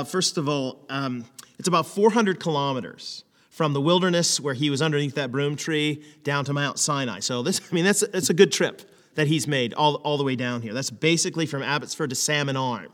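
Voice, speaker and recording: A man preaches in a lively, conversational way, throwing out rhetorical questions. His voice sits a little high. A long hall reverb trails behind every word. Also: moderate pace. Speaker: pastor. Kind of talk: sermon.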